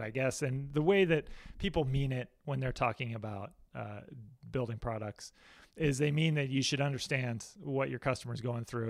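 A man being interviewed as a guest, talking candidly and poking fun at himself, with lots of restarts. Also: mid-range voice. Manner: candid, self-deprecating, chatty with many restarts. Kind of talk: casual interview.

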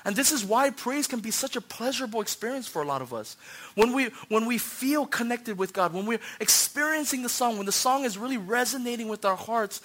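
High, bright-voiced young pastor preaching. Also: male voice. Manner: animated, acts out voices, swings from hushed to shouting. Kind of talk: sermon.

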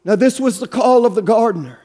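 A man with a strikingly high voice delivers a sermon in a church. His preaching is fervent, rising into a musical, rhythmic cadence as he presses the congregation to respond. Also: brisk, warm tone. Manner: fervent preaching, rhythmic sing-song cadence, urging the crowd. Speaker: pastor.

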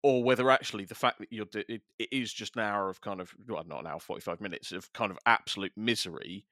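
A man's voice: on the low side, fast, pushed and bright, dry recording, studio quality. A middle-aged man hosting a casual music podcast, talking in long rambling sentences with stammered restarts and a wry tone. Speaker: podcast host, music journalist. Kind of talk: casual chat.

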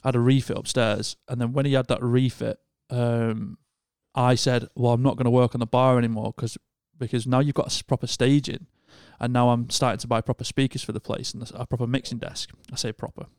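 A man tells a long story in casual podcast chat, circling back and restarting his sentences as he goes. His voice sits at an ordinary middle pitch. The sound is close and completely dry, with no room echo. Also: flat delivery, a little fast, few pauses, darkish tone. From Northern England. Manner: rambling storyteller with many restarts. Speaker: podcast co-host.

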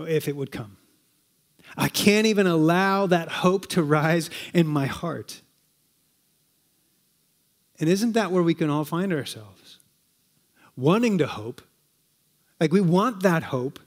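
A man preaching a sermon in a conversational way, often asking rhetorical questions and repeating words. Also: on the high side.

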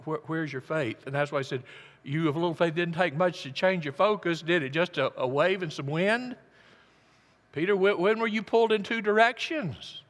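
A man delivers a sermon in a church, his bright, somewhat high voice carried by a long hall reverb. He tells the story dramatically, dropping to near-hushes and rising to loud emphasis. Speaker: pastor.

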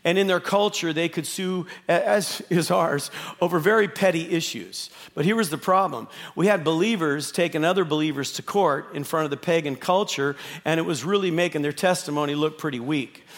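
A pastor with a high voice delivers a sermon in a conversational way. He throws rhetorical questions at the audience. His voice rings with long reverb in a big church hall. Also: brisk, few pauses, a bit bright. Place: church auditorium, live service.

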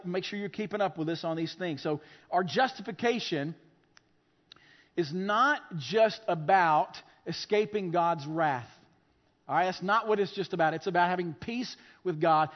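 A man preaching a sermon as pastor, impassioned and acting out quotes. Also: fairly high pitch. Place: church sanctuary. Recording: muffled sound with long reverb.

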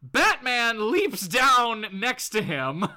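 A man's voice: very high-pitched, big pitch swings, very slow, pushed and bright. A man co-hosting a casual podcast, animatedly retelling a comic and laughing often. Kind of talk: casual chat.

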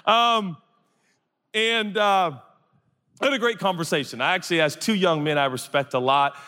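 A pastor with a high-pitched voice preaches a sermon to a live audience in a large hall, speaking at a moderate, smooth pace. He animatedly tells comic stories and acts out voices, and the recording carries long hall reverb.

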